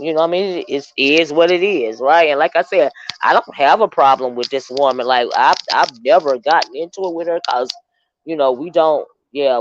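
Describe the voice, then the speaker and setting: A woman's voice: sits low, a little mellow. A woman chats through a livestream in a loose, rambling way, telling her viewers a long story with plenty of asides. The sound is muffled and lo-fi, and it is very dry, with no room echo at all. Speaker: livestream host. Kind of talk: casual livestream commentary. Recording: dull, dry lo-fi stream audio.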